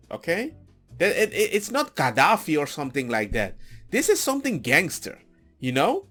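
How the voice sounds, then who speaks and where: A man giving a rambling, animated political rant with mocking asides. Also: high-pitched, normal speed, soft background music. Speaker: political commentator. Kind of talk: ranting commentary.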